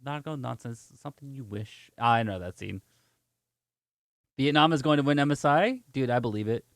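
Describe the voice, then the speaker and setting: A man's voice: mid-range voice, moderate pace, no echo. A man streaming games, chatting casually and telling a story with lots of laughter while answering viewer chat. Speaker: gaming streamer.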